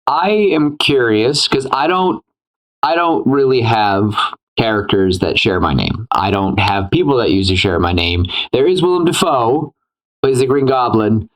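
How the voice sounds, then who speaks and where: A man's voice: mid-range voice, lively intonation, a little slow, rough recording. A man co-hosting a casual movie discussion podcast, retelling scenes animatedly and acting out reactions with rambling restarts. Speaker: podcast co-host.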